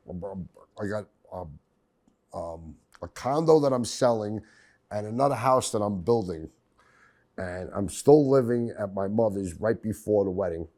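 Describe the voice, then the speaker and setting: Profane New storyteller. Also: male voice, fairly low pitch. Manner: profane, animated, acts out voices. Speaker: podcast host.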